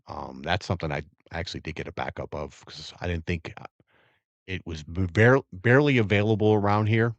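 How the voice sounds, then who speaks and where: A middle-aged man from the Virginia area hosting a casual livestream, talking in a relaxed, rambling way as he tastes and reacts. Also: low-pitched, dry recording, lo-fi sound. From Virginia area, USA. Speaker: bourbon livestream host. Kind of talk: casual live-stream chat.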